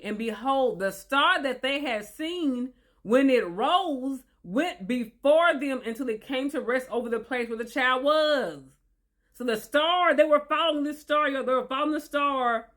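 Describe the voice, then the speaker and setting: A woman reading scripture aloud and commenting on it in a chatty, animated way, rephrasing often and talking directly to her listeners. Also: a little high. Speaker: Bible teacher. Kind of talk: casual Bible study commentary.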